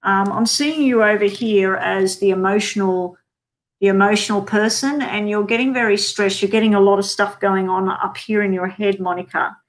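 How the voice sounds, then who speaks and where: A woman giving live-streamed tarot readings, chatty and talking to viewers by name with many ums. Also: medium pitch. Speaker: tarot card reader.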